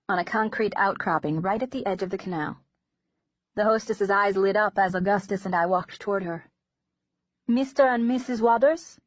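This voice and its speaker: A woman narrates an audiobook in a measured, gentle storytelling manner. Her voice sits at a middle pitch. The recording is dry and close, with a slightly dull, lo-fi tone. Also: no room sound.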